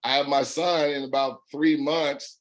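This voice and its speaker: A middle-aged man with a raspy voice and a Southern drawl, hosting a call and telling his story in an upbeat, folksy way, repeating words for emphasis. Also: fairly high pitch, steady tone, measured pace, rough recording. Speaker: host. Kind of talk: casual call testimony.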